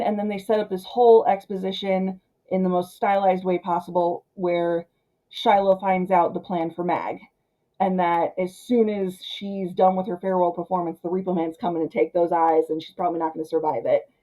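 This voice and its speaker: A woman talks through a film review in a casual, animated way. Her voice sits a little low and sounds soft and mellow. She leans on fillers as she keeps talking. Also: low-quality recording. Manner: chatty and animated, with frequent fillers.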